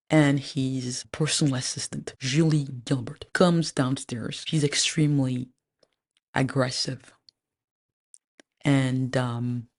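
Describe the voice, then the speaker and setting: A woman lawyer giving a measured personal testimony, speaking deliberately with frequent pauses. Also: rumbling low, a little mellow, husky. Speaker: lawyer recounting a personal legal dispute.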